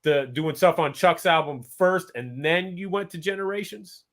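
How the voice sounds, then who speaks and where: Male podcast host, pitch a bit high, casual, prompting his guest. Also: moderate pace, fairly bright tone. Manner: brief affirmations, prompting the guest. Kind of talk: casual interview questions.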